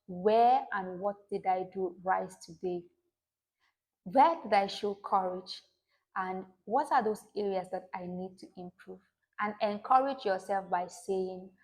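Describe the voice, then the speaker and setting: Encouraging woman reciting gentle affirmations. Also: mid-range voice. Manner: warm, encouraging, slow affirmations. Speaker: self-help video host. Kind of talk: motivational talk to camera.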